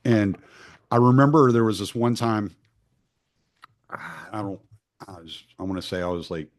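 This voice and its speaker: A middle-aged man hosting a podcast, telling stories in blunt, profane casual talk that gets animated. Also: fairly low pitch, measured pace. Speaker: podcast host. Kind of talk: casual conversational storytelling.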